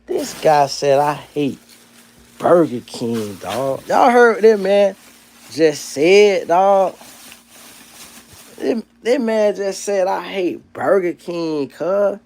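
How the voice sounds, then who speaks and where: A man chatting on a livestream, reading comments and firing back at them in slangy, profane banter. His voice sits a little high for a man. It drops to low mumbles, then jumps into loud, heated rants. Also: animated, slow pace, pauses often. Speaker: livestream host.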